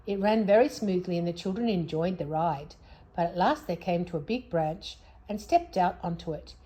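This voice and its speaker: A woman reading a children's story aloud in an expressive, lively way. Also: lowish voice, normal speed.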